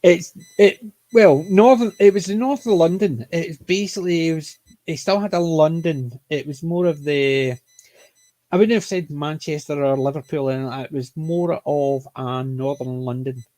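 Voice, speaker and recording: A man from Scotland, with a mild Scottish accent, casually reviews a TV comedy, rambling and often correcting himself with apologetic restarts. His voice sits on the high side with a dark tone, at a normal speed, in a dry recording.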